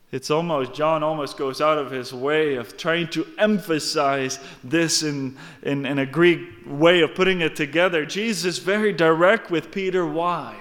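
A man's voice: high-pitched, moderate pace, a bit bright. Earnest male preacher in a reverberant hall. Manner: emphatic, earnest, addresses congregation directly. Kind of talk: sermon.

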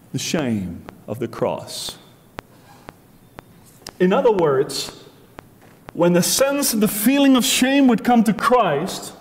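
A man preaching a sermon, emphatic, acting out what people say with sharp rises and drops. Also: sits high. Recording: faint noise, long hall reverb.

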